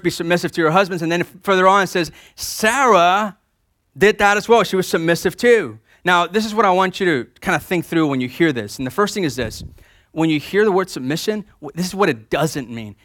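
A male pastor preaching a sermon, swinging between loud emphasis and quiet repetition and leading the congregation in call-and-response. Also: a little high, no echo, studio quality.

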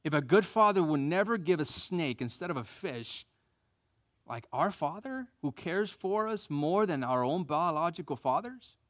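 American male preacher, slightly high pitch, energetic and repetitive sermon delivery. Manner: animated, repeats phrases for emphasis; leads call-and-response with the congregation.

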